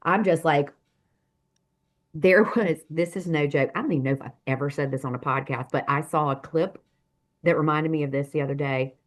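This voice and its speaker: Woman, low voice, animated storyteller, podcast guest, shifts hushed to loud. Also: normal speed. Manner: expressive, jumps between hushed and loud. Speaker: guest, author and speaker.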